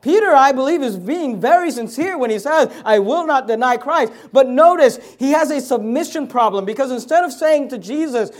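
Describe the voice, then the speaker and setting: Man, high-pitched voice, preaching a sermon, animated, reads the old scripture wording aloud. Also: brisk. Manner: animated, acts out quoted dialogue with rising intensity.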